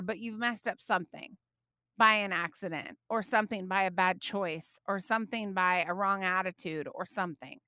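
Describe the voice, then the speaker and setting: A woman in her thirties hosting a devotional podcast, telling a personal story in an animated, chatty way with frequent laughs and fillers. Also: mid-range voice, no echo, clean studio sound. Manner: frequent fillers such as like and you know. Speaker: podcast host.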